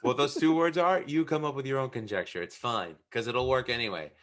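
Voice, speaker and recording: A man hosting a podcast with a bright, forceful voice. He talks in loose casual chat and gives blunt opinions, swearing freely along the way. His pitch sits at a middle level for a man. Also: fairly quick. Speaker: podcast host.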